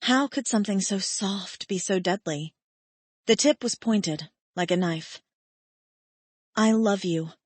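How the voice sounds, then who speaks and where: A woman narrating a romance audiobook in the first person, emotive and measured. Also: mid-range voice, lively intonation, slightly rough, no room sound.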